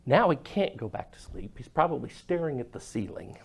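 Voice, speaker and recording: A man preaching a sermon, telling the story dramatically and dropping to a hush at moments. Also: medium pitch, sing-song, a little fast, creaky, breathy edge. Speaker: pastor.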